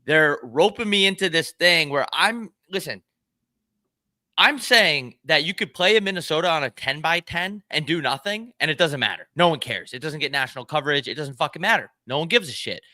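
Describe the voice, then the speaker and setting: A man's voice: fairly high pitch, expressive, fairly quick, sharp tone, dry recording. Fired-up, swearing man ranting. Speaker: podcast co-host. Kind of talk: casual chat.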